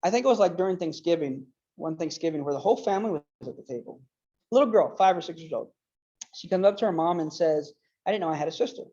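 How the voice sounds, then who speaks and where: A man talks through a casual lecture in an earnest, rambling way, leaning on fillers and restarts. His voice sits low and mellow in tone. The recording is dull and lo-fi. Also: lively intonation, quick pace. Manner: emotional retelling. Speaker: apologetics speaker.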